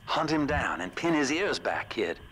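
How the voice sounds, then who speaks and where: An actor playing a gruff male game character who speaks over a radio in a folksy way. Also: mid-range voice, big pitch swings, normal speed, lightly acted. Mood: guiding. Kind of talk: game voice acting. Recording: distant game audio with noise.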